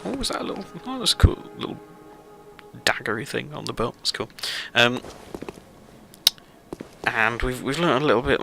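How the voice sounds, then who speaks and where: A man hosts a let's play, rambling through casual gameplay commentary full of fillers and self-deprecating asides. His voice is very bright and sharp but sits a little low. Faint game music runs underneath. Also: gravelly, low-quality recording.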